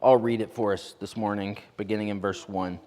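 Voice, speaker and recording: A man preaching a sermon as pastor, telling a story with lively asides. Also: lowish voice. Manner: animated storytelling with quick asides. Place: church sanctuary. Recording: long reverb of a church hall.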